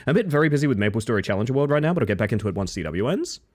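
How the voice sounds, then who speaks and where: A man live-streaming, chatting casually with viewers, reading their messages and answering them by name, jumping from excited high yelps to low mutters. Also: very fast. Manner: reads chat aloud and answers viewers by name.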